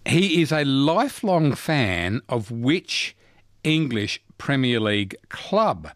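Australian male talkback host, 60s, animated pitch, dry studio sound. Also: takes it slowly, no room sound. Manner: chatty, laughs often, trails off and restarts. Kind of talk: casual talkback radio chat.

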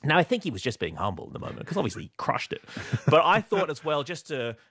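A man's voice: on the high side, fast, slightly rough, dry recording, studio quality. A man from Australia, a stand-up comedian and TV host, telling anecdotes as a guest in an interview. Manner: animated, laughing anecdotes with quoted voices.

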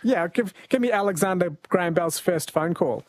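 Chatty Australian radio quiz host. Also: male voice, sits high, moderate pace. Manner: chatty, jokey, laughs often. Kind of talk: late-night radio quiz hosting. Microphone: studio mic.

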